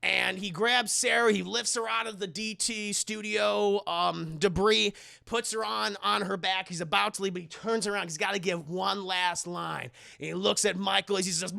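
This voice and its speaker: A young man streamer giving a profane, animated comedic movie recap to his chat, often laughing. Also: sits high, creaky.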